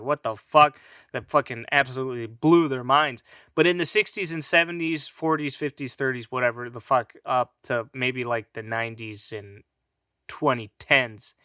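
A man with Mexican roots talks through a loose solo monologue, swearing freely and chuckling at his own lines. His voice is bright and forward. The sound is dry and close, with no room around it. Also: mid-range voice, no room sound. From Mexican heritage. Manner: rambling, profane, laughs at own jokes. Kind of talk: casual profane monologue.

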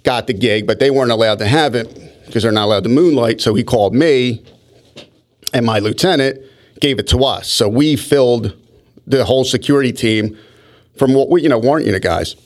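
A man with a medium-pitched voice speaks a little fast in casual podcast conversation. He's an animated storyteller whose stories ramble, and he often restarts his sentences.

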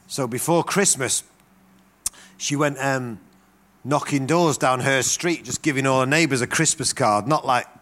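A middle-aged man preaches a sermon, telling stories in an animated way and acting out the voices of the people in them. His voice is mid-range and his pace measured.

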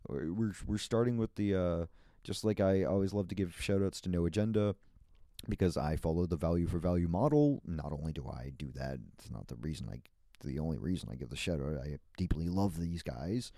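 A man's voice: low voice, expressive, a little fast, mellow, dry recording, clean studio sound. A man hosting a solo podcast, rambling in a playful, meandering way with frequent laughs and restarts. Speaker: podcast host.

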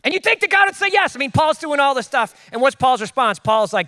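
A man preaching a sermon in a casual, joking way, with quick asides to the congregation. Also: very high voice, big pitch swings, pushed and bright, no echo, clean studio sound. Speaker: pastor. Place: church.

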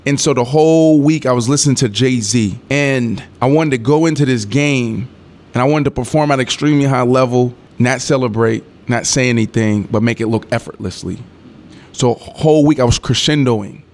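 A man in his thirties tells a sports story in a relaxed interview, his voice sitting at an ordinary middle pitch. He is an animated storyteller who acts out what people said, swears freely and laughs as he goes. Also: a little fast. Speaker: former NFL wide receiver, guest.

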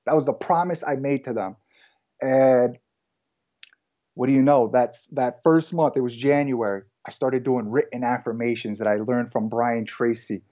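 A man being interviewed as a guest, telling his life story in a relaxed, casual way with frequent fillers and restarts. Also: mid-range voice, moderate pace, muffled recording. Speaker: guest entrepreneur.

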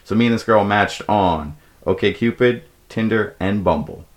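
A young man hosting a podcast, telling rambling comic stories with plenty of swearing and acted-out quotes. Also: measured pace. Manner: profane, animated, acts out quoted people in a high voice. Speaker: podcast host. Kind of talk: casual comedic storytelling.

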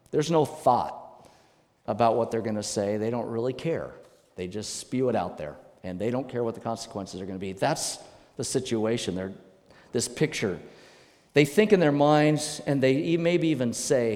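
Male pastor, mid-pitched, animated preaching style, long hall reverb. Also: a little slow. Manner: emphatic, animated preaching with sudden loud bursts. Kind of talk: sermon.

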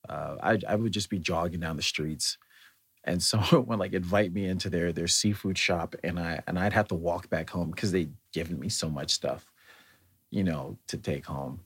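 A man's voice: sits low, normal speed, husky. An American man talking in a thoughtful, meandering way, with many fillers and restarts, in a reflective solo monologue. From United States.

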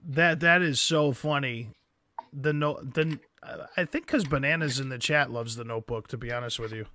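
A man co-hosting a casual podcast, animated and joking, acting out movie scenes. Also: mid-range voice, normal speed, slight background noise. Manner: animated, acts out scenes in exaggerated voices. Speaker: podcast co-host. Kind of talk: casual chat.

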